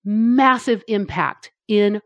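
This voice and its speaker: A woman's voice: medium pitch, slow pace, dry recording, muffled recording. A woman guest on an interview podcast, a CEO, chatting casually and enthusiastically, acting out her own thoughts in quotes. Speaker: guest, marketing agency CEO.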